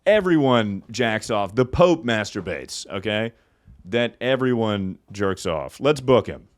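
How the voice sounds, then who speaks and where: A young man hosting a comedy podcast, riffing casually and laughing often between loud bits and mumbled asides. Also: medium pitch, no echo, clean studio sound. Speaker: podcast host.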